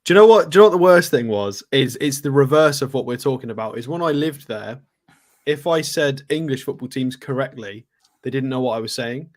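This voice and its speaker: A man's voice: mid-range voice, lively intonation, fairly quick. A man co-hosting a live stream, giving match scores and telling a story about living abroad. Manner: chatty, gives match scores and tells anecdotes. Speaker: co-host. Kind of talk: casual live stream chat.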